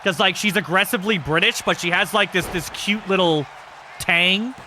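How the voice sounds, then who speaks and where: A man hosting a live stream, giving casual commentary on a wrestling game with excitable, crude joking. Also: sits high, normal speed, a faint crowd, slight background noise. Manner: excitable, crude and joking, yelps at big moves.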